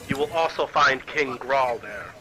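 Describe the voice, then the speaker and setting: A man voicing a lustful, shifty male prisoner in a tabletop game, giving up what he knows slowly and hesitantly. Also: medium pitch, bright, forceful tone, rough recording. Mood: confiding.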